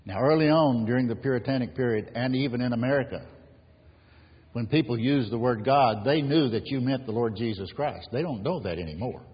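A man's voice: medium pitch, fairly quick, husky. A man preaching an earnest sermon as pastor, building emphasis on key phrases. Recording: dull lo-fi sound in a reverberant hall.

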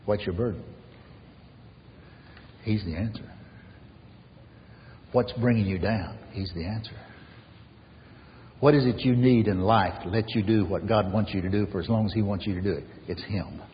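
A male pastor preaching a sermon with emphatic repetition, swinging from loud declarations to hushed lines. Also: on the low side, moderate pace, pauses often, in a large hall, lo-fi sound, slight background noise. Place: church sanctuary.

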